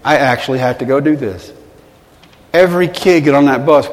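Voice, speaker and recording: A man telling a personal story to a live audience, earnest and self-deprecating, dropping quiet at the emotional moments. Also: medium pitch, normal speed. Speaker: motivational speaker. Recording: long hall reverb.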